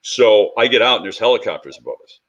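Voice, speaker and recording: A man's voice: fairly low pitch, fast talker, dull audio. A middle-aged man, a police instructor on a panel, recounting a personal story and acting out the quoted dialogue. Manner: animated storyteller who acts out quoted dialogue.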